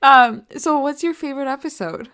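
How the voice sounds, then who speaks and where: A young woman co-hosting a podcast, chatting playfully with quick, giggly reactions. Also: sits high, pushed and bright. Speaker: podcast co-host. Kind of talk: casual chat.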